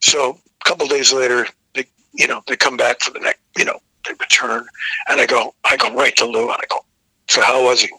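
An older man, a veteran rock vocalist, relaxed and rambling through tour stories. His voice is very bright and forward. It sits close and dry on the mic. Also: medium pitch, fairly quick, vocal fry, husky, dry recording, poor audio. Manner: rambling anecdotal, frequent restarts, profane. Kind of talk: casual storytelling interview.

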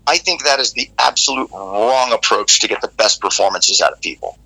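A rock singer in an interview, telling rambling, animated stories with many restarts. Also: male voice, fairly low pitch, a little fast, vocal fry, poor audio. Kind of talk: casual interview storytelling.

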